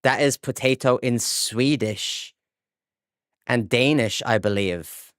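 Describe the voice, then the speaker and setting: A man's voice: medium pitch, slow, dry recording, clean studio sound. A young adult Irish man chatting casually with viewers while he plays a game on a live stream. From Ireland. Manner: chatty, reads out chat and answers viewers, upbeat.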